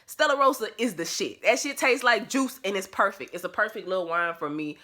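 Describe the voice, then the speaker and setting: A woman's voice: medium pitch, lively intonation, a little fast, pushed and bright. A woman talking to her phone camera at home in a casual vlog, blunt, profane and emphatic, laughing often. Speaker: vlogger.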